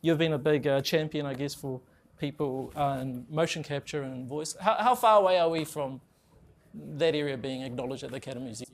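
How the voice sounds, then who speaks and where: Quick-talking New man interviewer. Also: on the high side. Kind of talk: casual interview.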